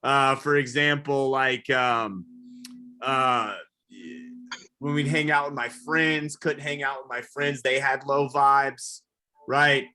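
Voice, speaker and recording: A man doing a rambling, self-deprecating stand-up comedy set, now and then yelling high whoops. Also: level tone, slow pace. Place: comedy show, live virtual audience.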